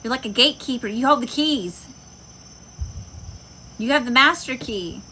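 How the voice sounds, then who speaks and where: A woman's voice: on the high side, moderate pace, bright, forceful tone, a little hiss or hum, rough recording. A woman giving a casual tarot reading, talking bluntly and emphatically with plenty of profanity. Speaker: tarot reader. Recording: insects and crickets chirping behind.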